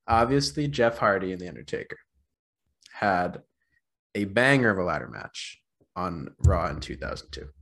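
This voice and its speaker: A man co-hosting a podcast, giving his opinion casually while he hedges and thinks aloud. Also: on the low side. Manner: hedging, thinking aloud, animated. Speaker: podcast co-host. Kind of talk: casual chat.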